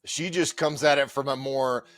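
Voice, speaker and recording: A man's voice: medium pitch, fairly even intonation, moderate pace, fairly bright tone, no echo. A man hosting a podcast who talks reflectively and restarts his sentences. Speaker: podcast host. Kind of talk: casual chat.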